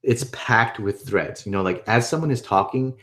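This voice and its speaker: A man's voice: medium pitch, normal speed, fairly bright tone. A man presenting a webinar in a casual, upbeat way, often checking in with the listener. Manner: upbeat, conversational, keeps checking in with "right?". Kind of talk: casual instructional talk.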